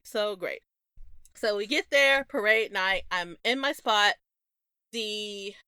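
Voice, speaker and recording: A young woman co-hosts a podcast in easygoing, animated chat. Her voice is bright, smooth and lively in pitch, and it sounds dry and close. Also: dry recording. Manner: animated storytelling with laughs. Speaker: podcast co-host. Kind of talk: casual chat.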